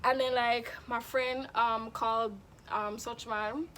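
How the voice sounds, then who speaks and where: A young woman telling a storytime in a casual, animated, dramatic way. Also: a little high, slow, slight background noise. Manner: animated, dramatic, acts out quoted voices. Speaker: vlogger.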